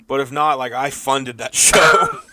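A man's voice: medium pitch, huge pitch swings, a little slow, bright, forceful tone. A middle-aged man co-hosting a podcast, chatting loosely with lots of fillers. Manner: loose, rambling, with many fillers. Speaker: podcast co-host. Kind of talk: casual chat.

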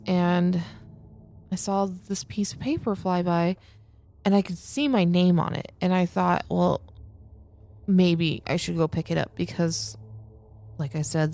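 A woman's voice: fairly low pitch, creaky, mellow. A woman player in a tabletop game, telling her part earnestly and with hesitation. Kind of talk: tabletop role-play.

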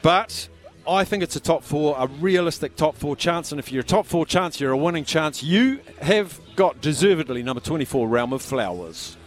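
A man's voice: fairly high pitch, lively intonation, moderate pace. An Australian man hosting a live radio call-in sweepstake from a pub, speaking up over the noise. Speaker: radio host.

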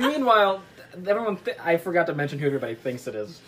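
A woman with a lowish voice talks rapid-fire as she casually retells a book's plot to friends, rambling, giggling, and acting out the characters. A lively group can be heard laughing behind her in this casual chat.

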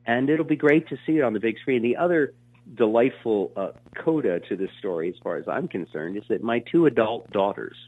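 A man in his sixties telling stories in an interview, rambling and animated, with many fillers and restarts. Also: medium pitch, a little fast, husky, no echo. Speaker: actor being interviewed. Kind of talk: casual storytelling interview. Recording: tinny phone line.

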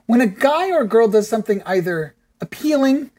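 A man guesting on a podcast with a very lively, swooping voice. He gives enthusiastic opinions and swears casually. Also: very high-pitched, fairly quick, background noise. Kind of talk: casual chat.

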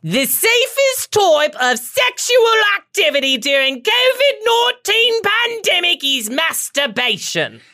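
A woman putting on a loud, yelled, mock-British falsetto to read a line aloud. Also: big pitch swings, unhurried, few pauses, heavily acted. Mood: theatrical. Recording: voice from far off the mic.

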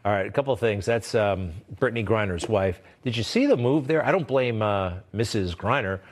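A man's voice: lowish voice, expressive, fairly quick. Scornful male commentary host. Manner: mocking, scornful, chuckling asides. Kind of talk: opinionated commentary.

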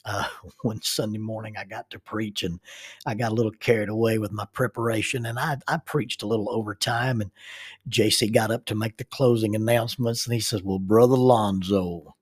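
Middle-aged male preacher, husky tone, spinning a funny story at his own expense. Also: fairly low pitch, fairly even intonation, a little fast. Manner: self-deprecating, chuckling narrator. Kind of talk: humorous personal storytelling.

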